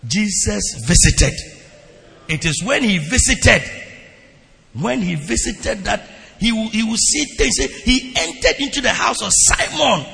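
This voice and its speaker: A man preaching a sermon as a pastor, telling stories to his congregation with lively, exclamation-filled delivery in a church hall. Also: sits high, measured pace, vocal fry, faint music behind. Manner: animated storytelling preaching with repeated exclamations. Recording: long reverb of a large hall.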